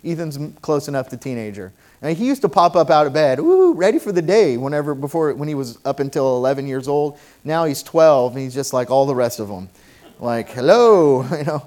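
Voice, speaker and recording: A middle-aged man preaching a sermon as pastor, swinging between quiet reflection and loud, emphatic declarations. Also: on the high side, big pitch swings, brisk.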